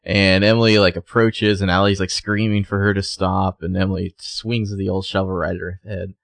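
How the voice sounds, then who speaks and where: A man co-hosting a casual podcast goes over a TV episode, replaying scenes and dropping in quick character voices. He's low-pitched with little pitch movement, vocal fry, and a slightly bright tone, with no room sound.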